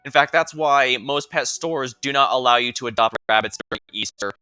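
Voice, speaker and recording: A man's voice: mid-range voice, brisk, sharp tone, clean tone, dry recording, clean studio sound, soft background music. A man streaming a game, chatting casually between story readings and explaining things with asides and restarts.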